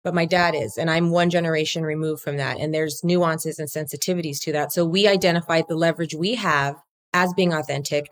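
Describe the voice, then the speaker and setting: A woman who co-founded a law firm, talking energetically and bluntly as an interview guest, now and then swearing and mimicking other people's voices. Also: fairly low pitch. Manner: swings into acted quotes of others. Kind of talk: casual interview talk.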